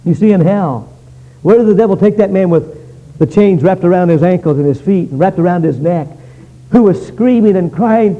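A man preaching a fiery revival sermon, swinging between loud pleading and low, intense warnings. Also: normal speed, lo-fi sound.

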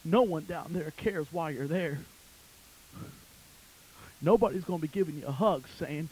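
A fiery male preacher delivering a fire-and-brimstone sermon. His voice sits a bit high for a man. He swings from shouted peaks down to hushed, intense warnings and talks in a folksy way. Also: unhurried, long pauses, slight background noise, low-quality recording.

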